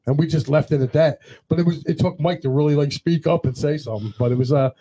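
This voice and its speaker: Husky-voiced man telling stories. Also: a little high, fast talker. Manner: animated anecdote-teller, acts out quoted dialogue. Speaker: podcast co-host. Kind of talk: casual storytelling chat.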